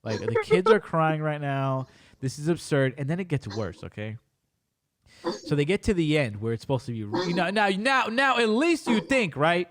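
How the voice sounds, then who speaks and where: A young man with a slightly higher voice hosts a loose podcast conversation. He tells stories with animated, exaggerated energy and swears freely. His rants are mock-serious. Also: normal speed, crowd noise. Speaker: podcast host. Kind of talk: casual chat.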